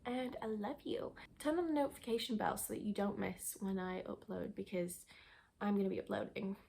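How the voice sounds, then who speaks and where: A woman's voice: mid-range voice, fairly even intonation, fairly quick, gravelly, a little mellow, slight background noise. A young woman vlogger chatting casually to camera, rambling with restarts and a bit out of breath. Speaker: lifestyle vlogger. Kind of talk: casual sit-down chat to camera.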